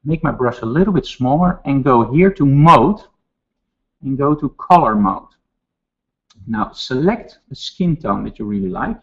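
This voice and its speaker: A man with a Dutch accent teaching photo retouching step by step in a webinar, with relaxed asides. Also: on the high side, creaky, slightly rough, dull audio. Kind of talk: software tutorial webinar.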